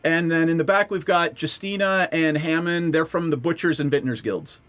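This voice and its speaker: A man voicing a gruff, burly male dwarf stonemason who talks in an earnest, blustering way. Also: a little high, normal speed, fairly bright tone, pitched above the performer's own voice, close to an everyday voice.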